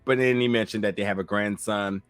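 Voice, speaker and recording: A man's voice: lowish voice, a little fast, clear, resonant tone, no echo, faint music behind. A man with a Southern US accent recapping a TV episode in casual chat, acting out lines and padding with fillers. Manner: animated, acts out quotes, frequent fillers. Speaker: podcast co-host reviewing a TV episode.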